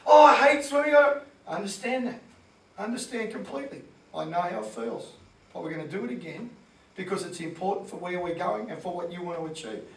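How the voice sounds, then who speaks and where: A man, a sports coach giving an animated motivational talk to coaches and acting out voices. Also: high-pitched, brisk, echoey room, recorded from a distance, slight background noise, low-quality recording.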